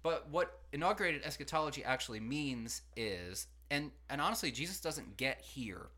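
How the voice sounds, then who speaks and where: A man, a pastor and podcast host, teaching in a relaxed conversational way in a studio, acting out quotes with lively asides. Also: medium pitch, normal speed. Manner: conversational, animated, acts out quotes.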